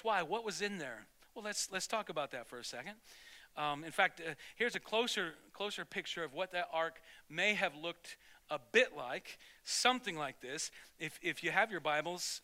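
Male pastor, sermon, high bright voice, animated storyteller. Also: fairly quick. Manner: animated storytelling, lively asides.

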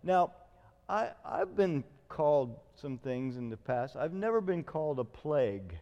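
A middle-aged man preaching a sermon as a pastor, telling stories with lively acted-out quotes. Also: medium pitch, measured pace, in a large hall, muffled recording. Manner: storytelling, animated retelling with acted quotes.

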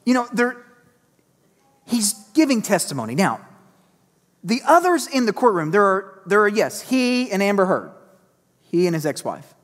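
A man preaching a sermon as pastor, energetic and emphatic, repeating key phrases and slipping in self-deprecating asides. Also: high voice. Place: church sanctuary. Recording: long reverb of a church hall.

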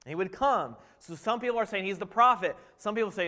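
A man preaching a sermon, animated and full of rhetorical questions, dropping to a hush and rising again. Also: high-pitched, fairly quick. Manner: animated, rhetorical questions, swings between loud and hushed. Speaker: pastor. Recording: reverberant hall.

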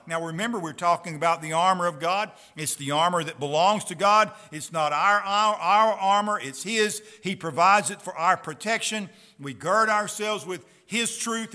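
Here a man delivers a sermon in a high-sitting voice that sounds pushed and bright. He reads Bible passages deliberately and earnestly, turning to his listeners with direct questions.

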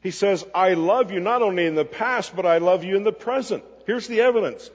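A man's voice: high-pitched, brisk, slightly rough, long reverb tail, highs cut off. A man preaching a sermon, emphatic, asking questions and answering them himself. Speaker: pastor.

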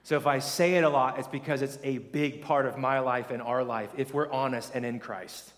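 A male pastor preaching a sermon in a lively, conversational way, calling on the congregation to repeat lines after him. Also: mid-range voice, moderate pace. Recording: long reverb of a large hall.

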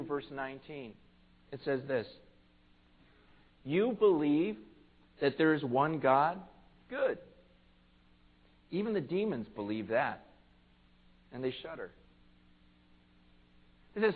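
A pastor preaching a conversational sermon in church, earnest and plain-spoken, swelling to emphatic peaks. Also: male voice, fairly high pitch, low-quality recording.

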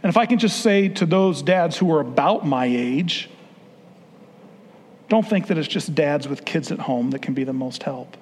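A man's voice: a little high, animated, normal speed, a little mellow, a little hiss or hum. A man giving an earnest, conversational talk to fathers, sermon style, with frequent restarts. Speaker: speaker addressing fathers. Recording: long hall reverb.

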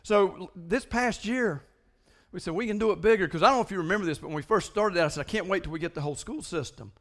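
A man preaching a sermon as pastor, animated, often repeating words in quick bursts. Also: high-pitched. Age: older than most listeners.

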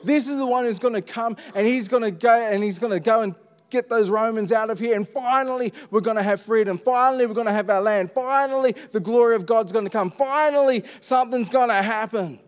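High-voiced pastor in an echoing hall. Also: male voice, a little fast, clear, resonant tone. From Australia. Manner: conversational preaching with rhetorical questions. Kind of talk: sermon. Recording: long reverb of a church hall.

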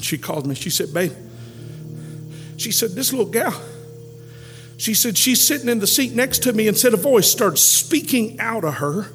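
A man pastor preaching a camp meeting sermon, shouting and half-singing his climactic lines and dropping low and quiet for stories. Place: church camp meeting hall. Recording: large hall reverb with music behind.

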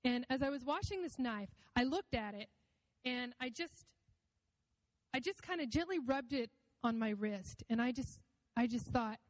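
A woman's voice: fairly high pitch, moderate pace. Woman, personal faith testimony, reflective and emotional, close dry voice, lingering reverb.

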